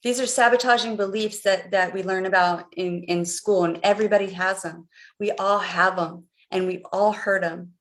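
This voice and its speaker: A woman's voice: mid-range voice, steady tone, normal speed. A middle-aged woman coaching viewers on a live stream, guiding them through a visualization in an earnest, repetitive way. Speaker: life coach.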